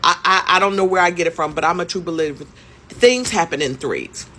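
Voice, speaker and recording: A woman's voice: lowish voice, a little fast, fairly bright tone. A woman in her fifties telling a story to camera in a casual way, emphatic, repeating her points and asking rhetorical questions. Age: 50s.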